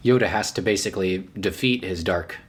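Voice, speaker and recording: A man's voice: deep voice, fairly quick, breathy edge. A man co-hosting a podcast, laid-back and casual, mostly giving short replies. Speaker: podcast co-host. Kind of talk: casual chat.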